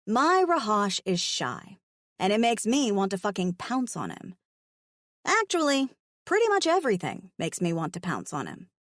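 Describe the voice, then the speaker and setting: A woman's voice: mid-range voice, wildly swooping pitch, moderate pace, a bit bright, dry recording, studio quality. A woman narrating a first-person romance audiobook in a frank, wry, playful way.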